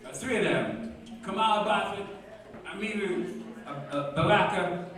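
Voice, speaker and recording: A man's voice: sits high, a little slow. A man performing spoken word poetry on stage, with a rhythmic chanting delivery and loose, profane banter between poems, recorded live in a bar. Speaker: performance poet. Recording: echoey bar mic from far off, loud crowd.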